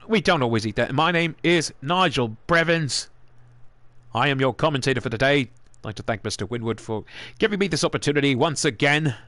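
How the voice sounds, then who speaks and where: A man calls the wrestling action play by play in an excitable, theatrical announcer style. His fairly high, bright voice swings widely in pitch as he goes. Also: dry recording. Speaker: commentator.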